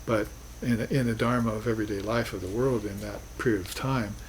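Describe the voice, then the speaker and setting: A man's voice: on the low side, fairly even intonation, brisk, slight background noise, rough recording. A man teaching a class on spiritual philosophy, talking in an earnest, reflective way with emphatic bursts. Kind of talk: recorded class lecture.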